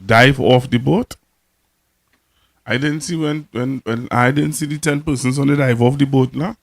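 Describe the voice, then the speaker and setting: A Trinidadian man runs a casual call-in talk show at an ordinary pitch. He teases and mocks, circling back to repeat his jabs. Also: fairly even intonation, normal speed. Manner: mocking, teasing, repeats himself. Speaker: radio talk show host.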